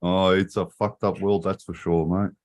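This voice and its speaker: A man's voice: low voice, flat delivery, normal speed, darkish tone. A man in casual, profane livestream chat, laughing often and calling people mate. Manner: swears constantly, laughs often, says mate. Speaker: livestream co-host.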